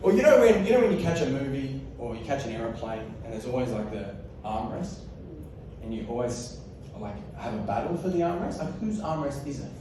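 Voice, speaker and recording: A man's voice: mid-range voice, big pitch swings, a little fast, very echoey, recorded from a distance, noisy background. A man in his thirties with an Australian accent, giving a comic keynote talk on stage, laughing often and acting out voices in his stories. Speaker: keynote speaker. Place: large hall with live audience.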